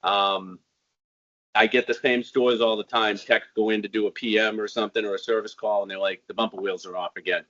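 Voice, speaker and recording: A man's voice: on the low side, flat delivery, fairly quick, fairly bright tone, dull audio. A man giving hands-on equipment training in a casual, rambling way, with frequent ums.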